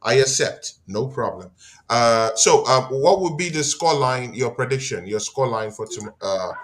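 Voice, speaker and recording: A man hosting a football talk show, speaking in a calm, measured way with some teasing. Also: mid-range voice. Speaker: host.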